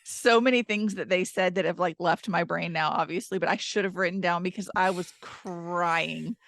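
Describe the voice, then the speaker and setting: A woman from Georgia, co-hosting a podcast and recapping books in a chatty, animated way. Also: lowish voice, moderate pace, gravelly, slight background noise. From Georgia, American South. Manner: chatty, animated book recapping with many fillers. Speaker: podcast co-host. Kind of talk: casual podcast chat.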